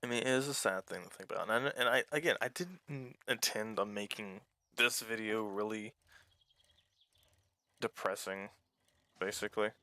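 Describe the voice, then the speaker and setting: A man's voice: on the low side, moderate pace, pauses often, pushed and bright, dry recording. A man giving casual, rambling let's-play commentary as a small YouTuber, candid and swearing easily. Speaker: small YouTuber playing a game.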